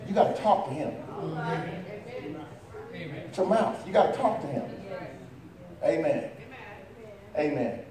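High-voiced preacher echoing through a church. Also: male voice, lively intonation, takes it slowly, pauses often, crowd noise. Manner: call-and-response preaching, rising and falling. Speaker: pastor. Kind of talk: sermon. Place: church sanctuary. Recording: echoey church from far off with congregation.

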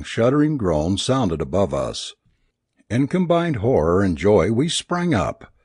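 A man narrating a first-person story aloud in a dramatic, expressive reading. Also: on the low side, husky, dry recording, studio quality. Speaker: audiobook narrator.

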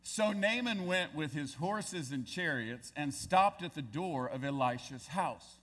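A man's voice: fairly high pitch, lively intonation, unhurried, a bit bright. A male pastor preaching a sermon, reading scripture aloud and then pressing his points with growing emphasis. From United States.

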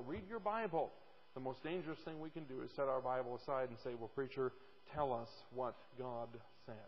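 A man's voice: on the high side, breathy edge, in a large hall, lo-fi sound. A male pastor preaching a sermon emphatically, repeating words for stress, at a church pulpit mic.

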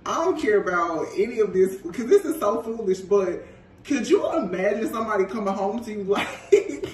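A man with a high voice gives an animated, gossipy tarot reading and keeps breaking into laughter. His voice echoes around a roomy space. The mic sits some distance away and picks up a faint hiss. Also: normal speed. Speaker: tarot reader. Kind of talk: casual tarot reading monologue.

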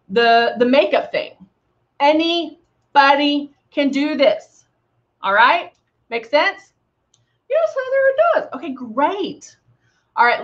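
A woman's voice: sits high, fairly bright tone, highs cut off. A woman giving a live makeup tutorial, chatty and bubbly, throwing in playful sound effects as she works. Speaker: makeup demonstrator.

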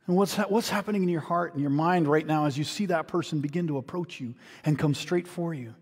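A man's voice: on the high side, a little fast, hardly any pauses, breathy edge. A male pastor preaching a sermon in a church, leading listeners through an imagined scene with repeated phrases and frequent restarts. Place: church hall. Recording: long hall reverb.

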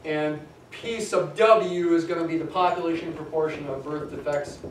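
A man's voice: on the high side, fairly even intonation, moderate pace. Man lecturing in an echoey classroom. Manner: conversational, thinks aloud with restarts, tells asides. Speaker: statistics lecturer. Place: lecture hall. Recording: echoey classroom, distant mic, faint hum.

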